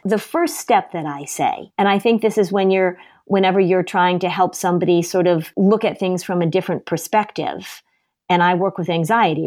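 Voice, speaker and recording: A woman's voice: lowish voice, darkish tone. Woman, therapist guest, podcast interview, emphatic, upbeat.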